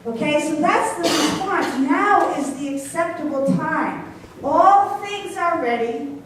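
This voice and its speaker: Woman pastor, high voice, sermon delivery, story-driven, recorded far off in a reverberant church. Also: takes it slowly, a little hiss or hum. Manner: storytelling, asks congregation questions. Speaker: preacher. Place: church sanctuary. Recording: echoey church from a distance.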